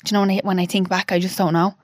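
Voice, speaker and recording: A woman in her thirties, a podcast guest telling an emotional personal story. She talks haltingly, with restarts and quoted dialogue. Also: lowish voice, level tone, dry recording, clean studio sound.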